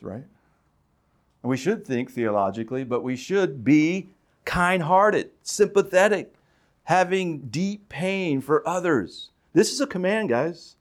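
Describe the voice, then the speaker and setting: Animated male preacher asking questions. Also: medium pitch. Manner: animated preaching with rhetorical questions, loud emphatic rises; conversational, with fillers and restarts. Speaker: pastor. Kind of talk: sermon.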